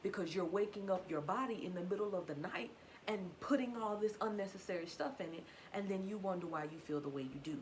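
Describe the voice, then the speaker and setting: A woman's voice: mid-range voice, fairly quick, slight background noise, rough recording. A young woman giving a candid, confessional personal testimony, repeating herself and asking the listener questions. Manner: earnest, repetitive and confessional, with rhetorical questions. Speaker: faith vlogger.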